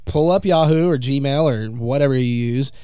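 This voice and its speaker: A man's voice: mid-range voice, normal speed, warm tone, clear, resonant tone, no echo. A young man hosting a podcast, chatting casually in a dry, teasing, mock-formal way. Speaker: podcast host. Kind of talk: casual chat with mock announcements.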